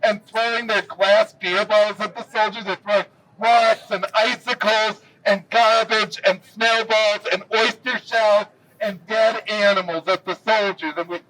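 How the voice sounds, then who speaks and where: A man giving a historical walking tour, telling the story with lively pacing and dry jokes. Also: sits high, measured pace. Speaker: tour guide. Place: outdoors in a city square. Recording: distant camera mic, faint street noise.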